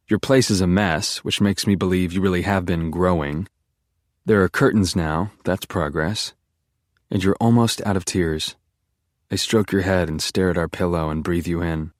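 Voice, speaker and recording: A man's voice: low-pitched, no room sound, clean studio sound. A man reading a first-person audiobook with an intense, obsessive inner monologue. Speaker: audiobook narrator.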